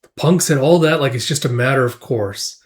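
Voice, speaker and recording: A man voicing a gruff, brooding young male swordsman in a casual comic recap, thinking aloud skeptically. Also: mid-range voice, fairly quick, lightly acted.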